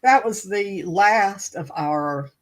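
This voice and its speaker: A woman's voice: mid-range voice, takes it slowly, rough recording. A woman with a Southern American accent, chatting casually and telling stories, who picks up the accents around her. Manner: chatty storyteller, mimics accents she hears. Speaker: co-host of a couple's channel. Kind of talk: casual chat.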